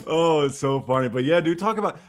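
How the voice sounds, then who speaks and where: A man hosting a casual live stream, chatting eagerly and laughing often. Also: fairly high pitch. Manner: enthusiastic, laughs often, says dude. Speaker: host.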